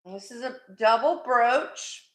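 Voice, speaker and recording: A woman's voice: on the high side, slow, roomy sound. A woman hosting a live jewelry sale stream, chatty and affectionate with her viewers, calling them sweetie. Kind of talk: live-stream selling chat.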